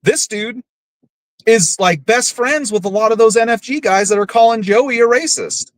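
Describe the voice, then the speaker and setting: A man's voice: very high-pitched, normal speed, no echo, poor audio. A man hosting a podcast, ranting bluntly and profanely with scorn. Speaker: podcast host. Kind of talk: casual ranting commentary.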